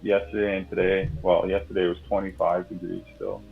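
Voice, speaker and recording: An easygoing Canadian man with a Canadian accent chats and laughs freely. His very deep voice has a gravelly edge, and it comes through thin and tinny like a phone line. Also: fairly quick, faint music behind. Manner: easygoing, relaxed, laughs a lot. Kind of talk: casual chat.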